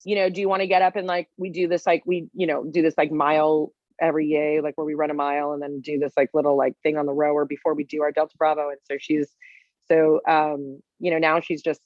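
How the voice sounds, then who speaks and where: A woman's voice: low-pitched, quick pace, dry recording, dull audio. A woman in her forties, a guest chef, telling stories in a casual interview with lots of fillers. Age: 40s. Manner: animated storytelling with many fillers.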